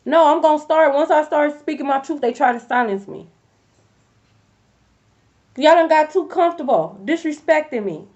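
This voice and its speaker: A woman with a fairly high voice gives a tarot reading as a fired-up, cursing rant. She speaks bluntly and casually. The audio is dull and lo-fi. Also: animated, moderate pace, long pauses, a little mellow. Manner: blunt, profane, fired-up talk. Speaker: tarot reader.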